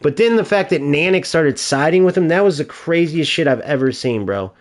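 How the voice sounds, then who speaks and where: Man, game streamer, ranting, swearing a lot, fairly high voice. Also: animated, a little fast. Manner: profane, ranting. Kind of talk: casual gameplay commentary.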